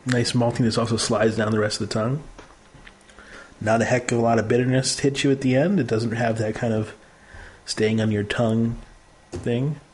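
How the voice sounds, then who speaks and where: A man's voice: mid-range voice, fairly even intonation, moderate pace, a little hiss or hum. A man hosting a casual beer tasting chat, joking and describing flavors and brewery facts. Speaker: host.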